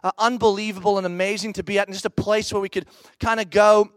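Middle-aged male pastor, very high voice, dry close sound, candid storytelling sermon. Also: quick pace, no room sound. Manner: candid, animated, acts out quoted reactions.

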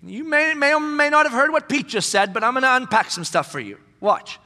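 A male pastor preaching a conversational sermon in an animated way, acting out the voices he quotes. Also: extremely high pitch, fairly quick, in a large hall.

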